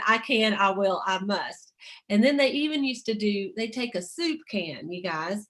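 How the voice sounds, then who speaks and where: Woman, middle-aged, sales team leader, chatty motivational call, reads quotes aloud, mid pitch. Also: lively intonation, normal speed.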